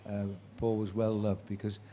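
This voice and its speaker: A man's voice: on the low side, flat delivery, normal speed, mellow, a little hiss or hum. A man in his seventies, a sports commentator, telling career stories to a live audience with dry wit and acted-out quotes. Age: 70s. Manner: chatty raconteur who acts out quoted voices, dry wit. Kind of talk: anecdotal storytelling to a live audience.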